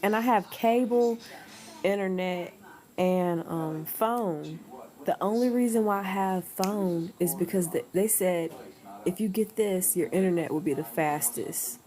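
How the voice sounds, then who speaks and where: A woman's voice: on the low side, a little slow, dark tone, faint music behind. A woman chatting casually at home on a livestream, rambling and laughing often. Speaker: livestream host.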